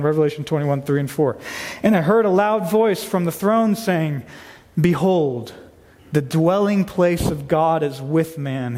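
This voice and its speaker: A man's voice: a little high, darkish tone, big-room sound. A man preaching a sermon to his church, reading scripture aloud with earnest emphasis. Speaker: pastor. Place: church sanctuary.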